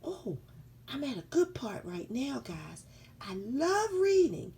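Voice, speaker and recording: A woman's voice: fairly high pitch, very animated, a little slow, creaky, darkish tone, full character voice. A woman voicing a little boy who has lost his book, whiny and near tears. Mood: contented.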